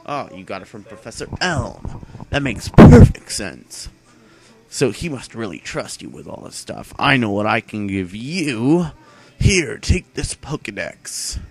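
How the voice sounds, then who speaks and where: A young man putting on a rambling, kindly old man voice, speaking with halting, drawn-out phrasing. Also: medium pitch, sing-song.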